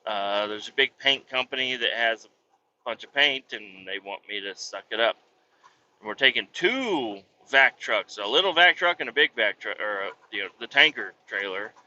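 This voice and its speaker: Lively, bright-voiced man telling family stories. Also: normal speed, slight background noise. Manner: animated storyteller, swears casually, mimics his kids in high voices. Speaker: vlogger, truck driver. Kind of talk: casual storytelling vlog. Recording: dull lo-fi sound.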